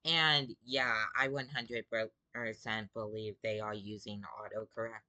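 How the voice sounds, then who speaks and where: A man's voice: on the low side, steady tone, a little slow, bright, forceful tone. A man who is sick gives casual commentary as he reads out game chat, sounding exasperated and drawling with lots of fillers. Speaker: gaming video creator.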